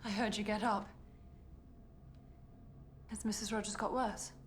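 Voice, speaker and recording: An actress playing an anxious young governess who speaks in a nervous, pleading way. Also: female voice, mid-range voice, little pitch movement, a little slow, a little hiss or hum, natural voice.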